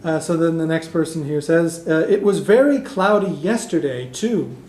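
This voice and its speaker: This man teaches a beginner language class, setting out each point step by step and modelling phrases slowly for repetition. His voice sits fairly high. The recording is roomy and echoey, as in a classroom. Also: expressive, a little mellow, a little hiss or hum. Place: community classroom in a heritage house.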